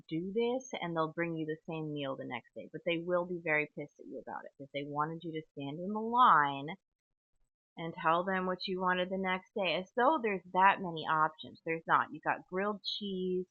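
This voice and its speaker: Casting: low-pitched woman, chatty and tangential solo podcaster, phone-quality sound. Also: no echo. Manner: tangential, chatty, frequent "okay?" and fillers. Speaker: podcast host. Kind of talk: rambling solo podcast monologue. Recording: tinny, phone-like dry audio.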